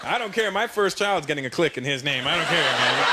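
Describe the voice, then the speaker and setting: Animated stand-up comedian, loud crowd. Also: male voice, on the high side, a little fast, heavy background noise. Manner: animated, loud, mimicking voices. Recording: live show with loud crowd.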